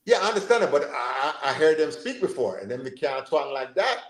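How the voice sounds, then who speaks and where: A man's voice: on the high side, a little fast. Jamaican man with a roomy echo. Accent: Jamaican, switching to American. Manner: animated, code-switching, storytelling. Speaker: football coach and co-host. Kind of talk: casual livestream chat.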